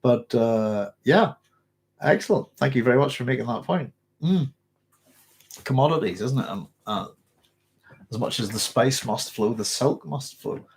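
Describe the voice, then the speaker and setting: A man's voice: mid-range voice, animated, measured pace, long pauses, husky. A man hosting a live viewer Q&A stream, thinking aloud, thanking viewers and correcting himself as he goes. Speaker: host answering viewer questions.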